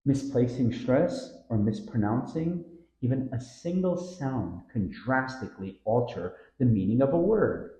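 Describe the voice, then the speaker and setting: A man's voice: medium pitch, lively intonation, mellow, reverberant, poor audio. A man narrating a scripted pronunciation lesson, drawing out the words he models. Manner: slow, drawn-out model words with stressed syllables. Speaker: pronunciation teacher.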